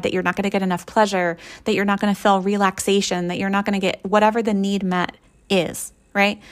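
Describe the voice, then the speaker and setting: Chatty woman coach checking in often. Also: medium pitch. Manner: conversational, often checks in with "right?" and "okay?". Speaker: keto and mindset coach, podcast host. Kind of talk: casual podcast monologue.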